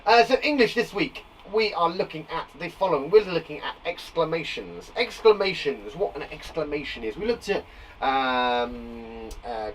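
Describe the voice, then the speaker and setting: A man's voice: high voice, fairly bright tone, recorded from a distance, slight background noise, rough recording. A man teaching a live online lesson to young children, upbeat and playful, from a small garden shed. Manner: upbeat, playful, exaggerated sound effects. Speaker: primary school teacher.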